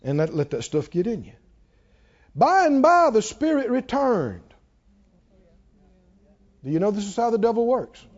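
A man preaching a sermon, swinging between hushed warnings and hollered lines and acting out a tempter's whisper. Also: high-pitched, sing-song, unhurried, pauses often, lo-fi sound.

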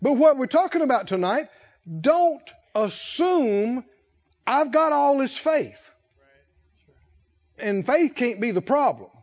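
High-voiced preacher man, lively delivery. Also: slow. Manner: asks the congregation questions and chuckles between points. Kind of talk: conversational sermon. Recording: dull lo-fi sermon recording.

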